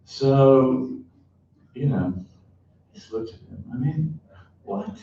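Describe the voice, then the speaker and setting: A middle-aged man, speaking as an author in a reflective interview, frank and thoughtful with many pauses and restarts. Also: medium pitch, lively intonation, mellow. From England. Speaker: author and columnist. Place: event hall before an audience. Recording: echoey, distant, dull event recording.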